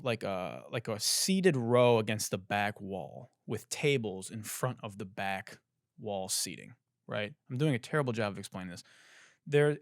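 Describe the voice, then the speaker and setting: A man hosting a podcast, telling a comedic story in a profane, animated way and acting out the other people in it. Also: mid-range voice, no echo, clean studio sound. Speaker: podcast host.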